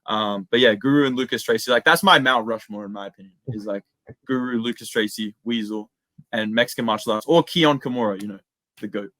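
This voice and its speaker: A young Australian man chatting casually as an interview guest, slangy and relaxed, full of "dude" and "man". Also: lowish voice, brisk, no echo. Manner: laid-back, slangy, lots of "dude" and "man". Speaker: guest, MMA impressionist.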